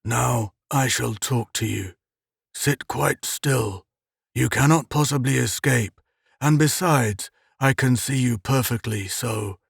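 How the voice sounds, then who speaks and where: A man doing a cold, commanding inhuman captor who speaks in a slow, rasping, guttural drawl. The voice sits low and hushed, close and dry, with no room around it. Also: no room sound, exaggerated voice. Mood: menacing. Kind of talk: audiobook character reading.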